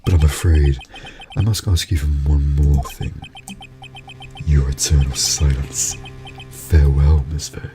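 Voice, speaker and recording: A man voicing a smug, menacing villain in a game, speaking slowly and pompously. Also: very deep voice, fairly even intonation, over music.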